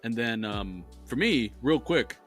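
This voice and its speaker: A man's voice: medium pitch, lively intonation, a little slow, fairly bright tone, soft background music. A man co-hosting a podcast, telling rambling stories in casual chat and swearing freely. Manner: profane, rambling storyteller. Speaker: podcast co-host.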